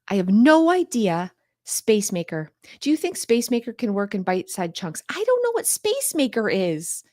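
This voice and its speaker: A woman's voice: a little high, no room sound, studio quality. A woman hosting a live stream on home organizing, talking straight to her viewers in an upbeat, coaxing way and answering their questions.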